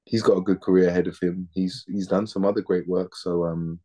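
A man's voice: low voice, flat delivery, brisk, mellow. A man in his thirties, an actor chatting casually in an interview, laid-back and slangy, often repeating words as he thinks.

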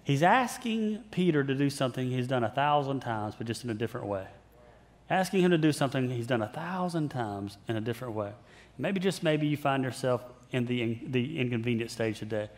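A man's voice: medium pitch, lively intonation, fairly quick. A man preaching a sermon as pastor, telling the story conversationally, repeating phrases for emphasis and acting out the characters' lines. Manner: conversational storytelling with playful put-on voices.

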